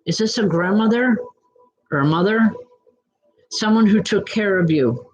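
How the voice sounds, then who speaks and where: Here a mid-range female voice, unhurried and measured, takes on the role of a reverend and psychic medium. She gives soothing live readings, calls out viewers by name, leans heavily on "um," and the recording is rough.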